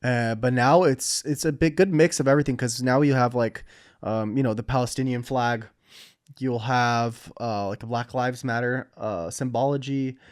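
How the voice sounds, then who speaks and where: A man's voice: medium pitch, fairly even intonation, normal speed. A man in casual podcast chat, joking and swearing freely. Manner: profane, joking.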